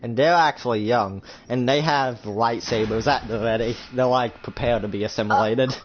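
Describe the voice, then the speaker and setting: A young man narrates an improvised role-play story, rambling along and saying "like" a lot. His voice is medium-pitched at a moderate pace over a loud crowd, captured on a dull lo-fi recording with faint noise.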